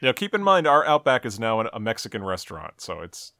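A man's voice: fairly low pitch, wildly swooping pitch, brisk, sharp tone, no room sound. A man hosting a podcast, recapping an episode step by step with dry jokes. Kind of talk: episode recap and casual chat.

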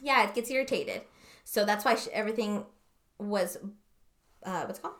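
A woman's voice: medium pitch, animated, moderate pace, a bit bright. Rambling foul-mouthed young woman. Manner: rambling, profane, often searching for words. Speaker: podcast co-host. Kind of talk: casual chat.

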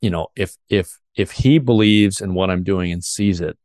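Male podcast host, low-pitched, earnest, restarts sentences, dry close sound. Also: moderate pace, a little mellow, no room sound. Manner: earnest, emotional storytelling with frequent restarts. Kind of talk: podcast interview.

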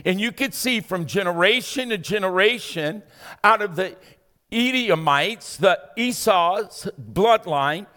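A man preaching a sermon as pastor, building to shouted emphasis and asking the congregation to respond. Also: high voice, big-room sound.

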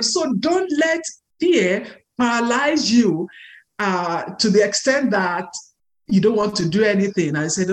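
A woman's voice: mid-range voice, lively intonation, unhurried. A woman hosting an interview podcast, talking in an emphatic, encouraging way. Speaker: podcast host.

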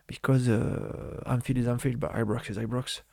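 A middle-aged man from France with a French accent, recalling his football career in halting English full of fillers during a casual interview. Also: mid-range voice, fairly even intonation, gravelly, mellow, dry recording, clean studio sound. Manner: halting non-native English with many fillers. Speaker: former footballer guest.

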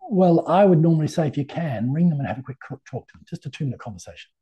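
Man, middle-aged, tarot reader guest, chatty and rambling, warm dark tone, slightly raspy. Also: on the high side, expressive, rapid-fire. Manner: chatty and anecdotal, many fillers. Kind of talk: casual interview conversation.

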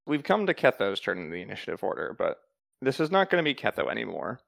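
A man running a tabletop game as game master, explaining rules and narrating in a calm, matter-of-fact way. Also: mid-range voice, fast, gravelly, dry recording.

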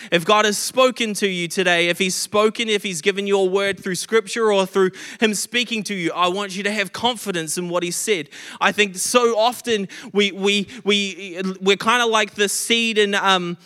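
A man's voice: high-pitched, fairly even intonation, normal speed, hardly any pauses, bright, forceful tone, in a large hall. A man preaching a sermon, earnest, often stumbling and restarting as he stresses repeated phrases, a little short of breath. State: recovering from illness, short of breath.

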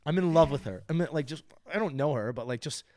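A young male podcast host speeds through rambling, animated stories and swears freely as he goes. His voice sits a little high for a man. The sound is dry and close. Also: fast talker, no room sound. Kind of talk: casual podcast chat.

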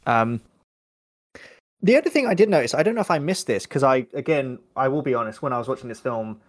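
A young man co-hosts a podcast, rambling through a film review in a chatty way and correcting himself as he goes. His medium-pitched voice is fast, with lively intonation.

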